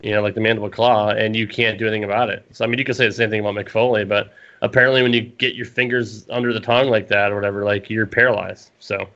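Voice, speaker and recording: A man's voice: lowish voice, flat delivery, fast talker, hardly any pauses, a bit bright, dull audio. A man co-hosting a casual wrestling podcast, profane and rambling, laughing often. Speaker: podcast co-host.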